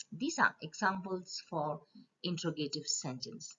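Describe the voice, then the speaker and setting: A woman teacher giving a slide-based grammar lesson, speaking to children and repeating each rule slowly. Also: mid-range voice, big pitch swings, pushed and bright, slightly rough. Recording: dull lo-fi voice recording.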